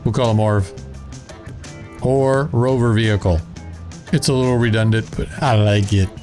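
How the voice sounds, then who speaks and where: A man with a gentle Southern drawl and a fairly low voice talks his way through a building game. He chats casually and thinks aloud as he works, while faint music plays underneath. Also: steady tone, moderate pace, pauses often. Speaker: gaming channel host.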